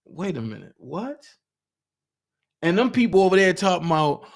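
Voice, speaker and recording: Fired-up guy with aave ranting on his stream, pitch a bit high, keeps hitting the chat with questions. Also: sing-song, normal speed, creaky. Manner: indignant, asks the chat pointed questions. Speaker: livestream host. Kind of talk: heated livestream commentary.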